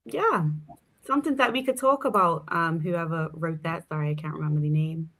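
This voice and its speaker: A woman's voice: low-pitched, a little fast, a bit bright. A woman with a Bermudian accent, talking casually as an interview guest, chatty with many fillers. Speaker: guest politician.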